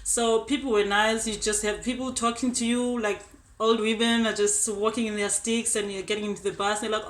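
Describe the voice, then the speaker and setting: A woman's voice: on the high side, little pitch movement, fairly quick. A young woman from South Africa with a South African accent, giving a chatty, upbeat student testimonial. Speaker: exchange student. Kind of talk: casual testimonial. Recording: roomy echo.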